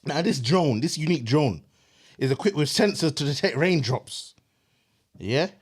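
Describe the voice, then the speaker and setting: A young man, co-hosting a comedy podcast and doing a slangy mock business pitch. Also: animated, normal speed, breathy edge. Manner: slangy, giggling fits, sleep-deprived. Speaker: podcast co-host.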